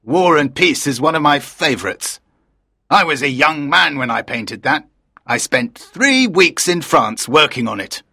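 A man's voice: on the high side, big pitch swings, measured pace, vocal fry, sharp tone, slightly rough, no echo, studio quality, full character voice. A man voicing a proud, enthusiastic production director in his late fifties, in audiobook character dialogue.

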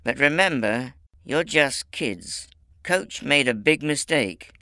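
A man's voice: medium pitch, expressive, slow, sharp tone, smooth, dry recording, studio quality, pitched above the performer's own voice, full character voice. A man voicing a resentful, sneering older teenage boy in an audiobook, with a hostile manner. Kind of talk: audiobook character voice.

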